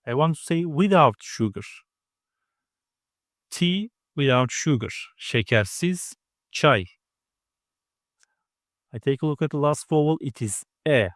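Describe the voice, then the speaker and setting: Man, language teacher, slow deliberate pace, step-by-step explanations, dry recording. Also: a little high, dry recording. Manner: patient, explains step by step, models each vowel aloud. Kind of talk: slow spoken grammar lesson.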